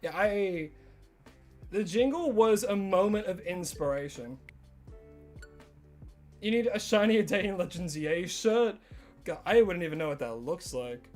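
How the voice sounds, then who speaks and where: A man from Tasmania, Australia, with an Australian accent, chats casually with viewers on his livestream, rambling and saying "like" constantly. His voice is high-pitched and animated, at a measured pace with long pauses, over soft background music.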